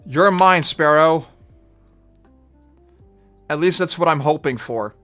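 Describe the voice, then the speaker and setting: Bright-voiced Dutch man streaming. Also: on the high side, slow, faint music behind. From Netherlands. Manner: chatty, bursts of frustration, trailing off. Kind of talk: live game commentary.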